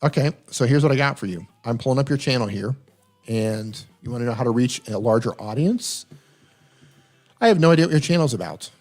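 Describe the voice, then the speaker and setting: A man's voice: medium pitch, expressive, fairly quick, a little mellow. A man hosting a live stream Q&A, coaching viewers on their channels, often repeating himself for emphasis. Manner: coaching, repeats himself, reads chat aloud. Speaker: host. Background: faint funk music.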